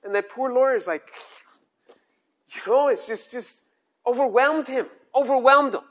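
A man's voice: extremely high pitch, moderate pace, a bit bright, dull audio. An older man preaching a sermon, emphatic, repeating key phrases and restarting sentences as he goes. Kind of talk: sermon on scripture.

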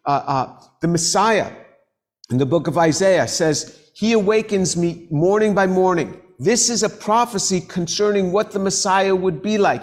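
A middle-aged man preaching and teaching scripture, earnest, repeating key phrases and reading verses slowly. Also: high-pitched. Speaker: preacher and professor. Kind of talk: sermon teaching.

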